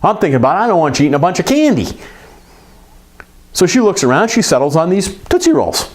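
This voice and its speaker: A middle-aged man gives a coaching talk to repair shop owners, his voice sitting a little high and swinging widely in pitch. He speaks emphatically and conversationally, tossing in quick asides. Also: sing-song. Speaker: business coach for repair shops.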